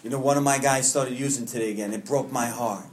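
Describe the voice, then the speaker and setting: Leading a recovery meeting, a man from Long Island, New York, shares with the group earnestly and from the heart, mixing in self-mocking humor. He speaks fast in a steady mid-range voice, with slight background noise.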